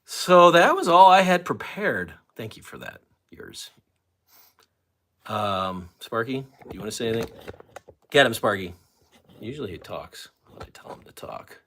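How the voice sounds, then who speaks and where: Nefesi kesilmiş, geveze yaşlıca adam. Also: male voice, mid-range voice, very animated, a little slow, fairly bright tone. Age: older. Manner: rambling, jokey, talks to chat. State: out of breath. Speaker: livestream host. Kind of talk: casual livestream chat.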